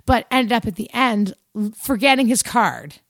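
Animated, slightly high-voiced woman storyteller. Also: normal speed, no room sound, clean studio sound. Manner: animated, swears freely, acts out quotes. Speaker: guest musician. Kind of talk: casual storytelling.

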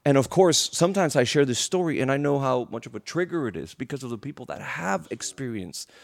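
A male preacher telling a story in a sermon, animated and emotional, often restarting his words. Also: mid-range voice, brisk, gravelly.

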